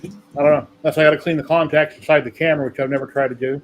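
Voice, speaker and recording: A man's voice: fairly high pitch, steady tone, racing, dull audio, slight background noise. A man hosting a casual maker livestream, telling rambling stories. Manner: rambling storyteller. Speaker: podcast host.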